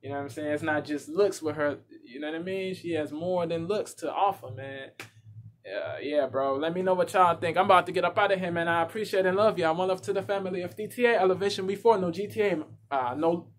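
A man's voice: fairly high pitch, fast, slight background noise. A man hosting a reaction video, talking casually with slang and lots of repetition. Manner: laid-back, repeats himself, slangy asides.

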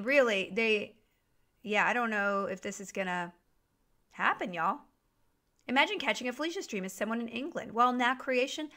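A woman's voice: on the high side, bright, forceful tone. A woman live-streaming a video game from home, chatting with viewers and reacting to the game crashing. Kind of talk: casual live-stream chat while gaming.

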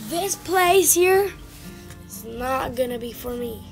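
A high-pitched woman gives an unhurried running commentary on her game, chatting and telling off the characters on screen. Game music plays clearly behind her voice. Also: animated. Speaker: gaming channel host.

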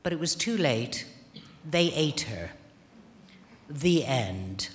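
A woman author giving a festival opening speech, retelling a fairy tale in a dry, ironic, deadpan way. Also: rumbling low, takes it slowly, noisy background. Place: large theatre hall. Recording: long reverb of a large hall.

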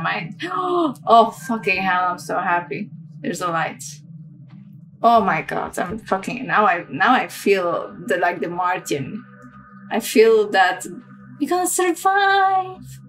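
A young woman with a Romanian background, commenting casually on a game she plays, swearing and excitable, full of fillers. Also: lowish voice, measured pace, faint music behind, low-quality recording. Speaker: game streamer.

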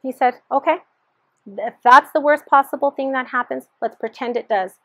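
Woman guest giving her testimony, higher voice, earnest, acts out quotes; dull, dry recording. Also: normal speed, sharp tone, no echo. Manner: earnest, re-enacts dialogue in quotes. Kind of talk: personal testimony storytelling.

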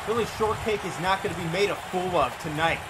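A man's voice: high voice, a little fast. A man co-commentating a wrestling video game, joking and hyping the wrestlers. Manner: jokey, hypes the wrestlers. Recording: noisy stream audio.

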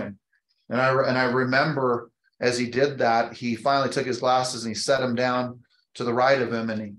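A man in his fifties, with a voice sitting in an ordinary middle register, speaks to a room of agents at a team training. He tells a personal story and then builds to an emphatic, encouraging push. The sound carries a roomy echo from the meeting space. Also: medium pitch. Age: 50s. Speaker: real estate team leader and trainer. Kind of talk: motivational talk to an audience.

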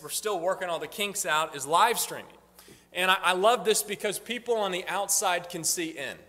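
A man addressing a congregation as their pastor, his voice pitched high and sharply bright. He talks in a loose, casual way, restarting his sentences often. The sound carries a long reverb from the church hall. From northern United States. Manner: casual, rambling, frequent restarts. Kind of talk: informal church talk on ministry updates. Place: church sanctuary.

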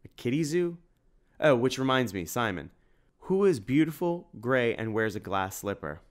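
A chatty young boy who cracks jokes, as a man reading an audiobook voices him. His voice is pushed up high and eager. He is louder than the narration around him. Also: big pitch swings, normal speed, lightly acted. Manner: chatty, jokey.

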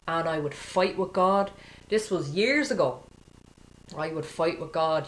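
A woman's voice: on the low side, moderate pace, roomy sound, slight background noise. A woman giving an informal Christian sermon, earnest and exhorting, repeating phrases for emphasis. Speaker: Christian speaker.

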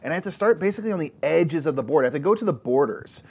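A man's voice: a little high, animated, very fast, a little mellow, slightly rough. A man co-hosting a board game show, chatting casually and explaining the rules with enthusiasm.

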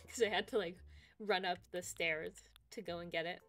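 A woman's voice: on the low side, normal speed. A young woman streaming a game, chatting casually and giggling often as she reads chat aloud. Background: game music.

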